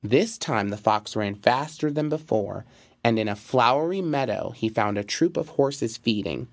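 A man reads a fairy tale aloud in a measured, expressive way. His voice sits at a middling pitch, and the recording sounds close and dry. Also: no echo. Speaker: narrator. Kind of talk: storybook reading.

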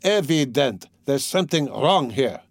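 A man reading a story aloud, voicing an excited, insistent young male law student. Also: mid-range voice, a little slow, no room sound, studio quality. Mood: eager.

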